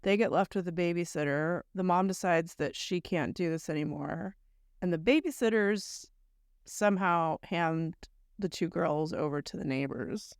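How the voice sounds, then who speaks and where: A woman co-host with a lowish voice, retelling a story in long, run-on strings of events. She talks bluntly and casually. The sound is close and dry, with no room echo. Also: normal speed. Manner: conversational, recounting events in long run-on chains; blunt, mild swearing. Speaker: podcast co-host. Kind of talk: casual chat recapping a story.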